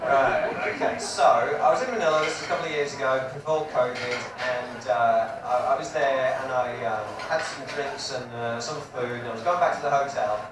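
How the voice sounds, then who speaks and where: A man's voice: medium pitch, normal speed, hardly any pauses. A man doing a stand-up comedy set in front of a live audience, chatty and crude and teasing the crowd. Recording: echoey live room, distant mic, audience noise.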